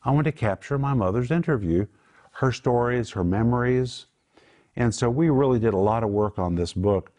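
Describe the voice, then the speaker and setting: A man's voice: medium pitch, normal speed, a little mellow. Older man, Bible teacher, earnest, emphatic, explains Greek words. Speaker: Bible teacher and show host.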